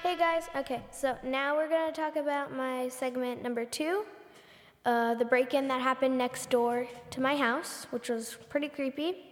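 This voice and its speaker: A woman's voice: sits high, steady tone, normal speed, big-room sound. A teenage girl hosting a podcast, telling a story casually, with lots of "like" and repeated words. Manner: breathless retelling full of "like" and repeats. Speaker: podcast host.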